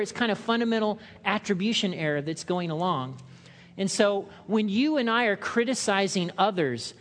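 A man preaching a sermon in a conversational way, acting out quotes in loud, higher voices. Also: long reverb tail. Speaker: pastor.

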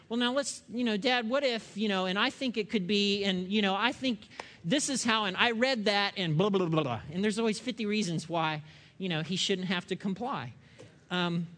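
A man with a high, light voice preaches in a chatty, conversational way, often pausing to ask the room "okay?" His words ring out with a long reverb, as if in a large sanctuary. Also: fairly bright tone. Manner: conversational, with frequent rhetorical check-ins and asides. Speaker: pastor. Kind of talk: sermon.

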